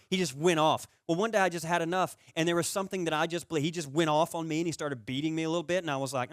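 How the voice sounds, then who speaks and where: A man's voice: a little high, fast talker, hardly any pauses, no echo, studio quality. A man preaching a sermon as a pastor, talking conversationally, asking the audience questions and acting out stories from his childhood. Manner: storytelling, animated with rising volume in anecdotes.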